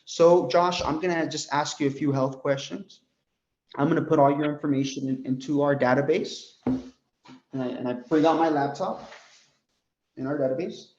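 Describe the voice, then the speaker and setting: A young American man training insurance agents, animated and full of "right?" as he role-plays his pitch. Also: normal speed. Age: young adult. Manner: animated, peppers talk with "right?" and "bro". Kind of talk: sales coaching talk with role-played pitch. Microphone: group call. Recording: dull lo-fi call audio.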